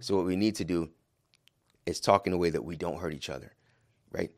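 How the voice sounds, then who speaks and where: A man giving a religious talk to husbands, speaking calmly and measuredly, acting out quotes with energy and reciting Arabic quickly. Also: sits low, dry recording, studio quality. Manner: calm, measured, with lively acted-out quotes. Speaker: Muslim speaker advising husbands. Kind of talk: religious talk to a male audience.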